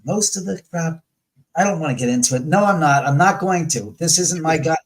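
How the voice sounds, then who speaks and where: A man's voice: a little high, brisk, low-quality recording. A man talking as a guest on a talk show, telling stories in a blunt, profane way and acting out the voices of the people he quotes. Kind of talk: casual storytelling in conversation.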